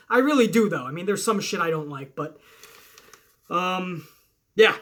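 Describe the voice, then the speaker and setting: A young man with a very high, bright, forceful voice hosts a casual wrestling Q&A. He talks in a profane, hyped, rambling way, tossing out curses as he answers fan questions. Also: a little fast. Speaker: wrestling commentary host. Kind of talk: casual Q&A livestream chat.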